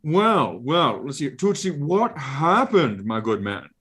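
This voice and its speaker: A pompous, genteel floating eye monster from a tabletop game, fussy and old-fashioned in its manners, as a man puts it on. The voice sits higher and louder than an everyday man's. Its phrasing stays polite and airy. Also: big pitch swings, takes it slowly, slightly rough, full character voice.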